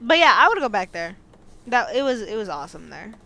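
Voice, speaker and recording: A young American woman on a podcast, telling animated stories and laughing often. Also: a little high, brisk. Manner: animated storyteller, laughs often, says "like" and "dude". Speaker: podcast co-host. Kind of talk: casual chat.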